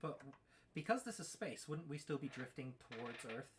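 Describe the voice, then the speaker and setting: A woman's voice: very deep voice, lively intonation, fairly quick. A woman playing a tabletop role-playing game, tossing in dry jokes and asides. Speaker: player. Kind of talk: casual tabletop role-play.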